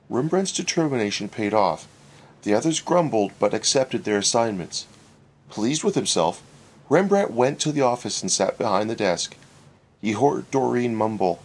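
A man reading a humorous story aloud, wry and expressive. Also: mid-range voice, moderate pace, gravelly, husky. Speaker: narrator. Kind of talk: storybook narration.

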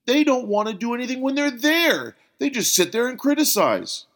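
A man's voice: very animated, slow, exaggerated voice. A man doing an exasperated pastor. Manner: loud, complaining, raised pitch. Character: frustrated male pastor, exasperated and defensive.

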